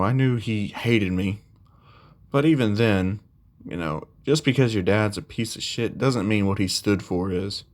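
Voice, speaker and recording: A man casually telling a fan story in a rambling way, full of fillers. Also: fairly low pitch. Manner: rambling, lots of "you know".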